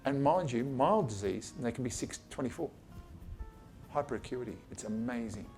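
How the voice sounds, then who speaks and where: An Australian eye surgeon gives an informal talk to a small group of colleagues in his office, blunt and chatty, swearing casually and acting out exchanges with patients. His mid-range voice is lively in intonation, moderately paced and a little mellow, with faint music in the background.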